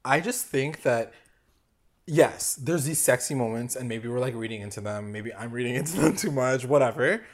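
Animated swearing podcast co-host, a man. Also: mid-range voice, moderate pace. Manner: animated, swears freely, acts out quotes. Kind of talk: casual recap chat.

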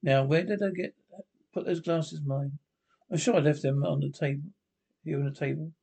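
A man's voice: fairly high pitch, fairly even intonation, normal speed, creaky, dark tone, breathy edge. A man voicing an older male judge in a radio-play reading, brusque and dismissive.

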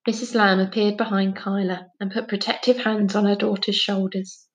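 A woman's voice: mid-range voice, little pitch movement, moderate pace, hardly any pauses. Woman reading a children's story aloud. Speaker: story reader.

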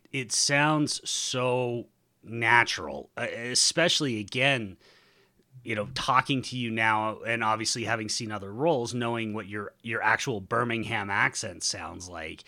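Male podcast host, bright sharp tone, fairly low pitch, eager rambling questions. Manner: enthusiastic, rambling questions with restarts. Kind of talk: casual interview.

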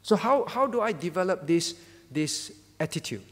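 A man's voice: high-pitched, lively intonation, moderate pace, fairly bright tone, husky. A man preaching at a prayer meeting as the pastor, earnest, repeating his phrases and quoting scripture. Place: church hall. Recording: church hall with long reverb.

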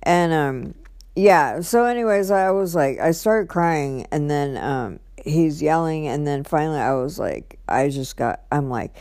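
A woman's voice: deep voice, lively intonation, takes it slowly, no echo, studio quality. A woman telling an emotional personal story in a rambling way, often repeating "I'm like" and trailing off. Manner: restarts and trails off, quiet at times. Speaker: vlogger.

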